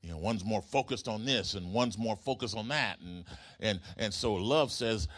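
A man's voice: lowish voice, normal speed, fairly bright tone. A man preaching a sermon, using rhythmic repetition and call-and-response with the congregation. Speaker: pastor.

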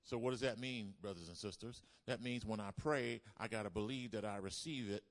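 Speaking fairly quickly in a lowish voice, this preacher leads call-and-response during a church service. He hammers home important lines by repeating them and invites the congregation to respond.

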